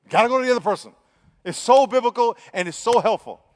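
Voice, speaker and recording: A high-voiced pastor preaches quickly with lively intonation, first chatting conversationally with listeners and then driving his points home emphatically. He acts out little quoted exchanges along the way, and his voice carries the long reverb of a large hall.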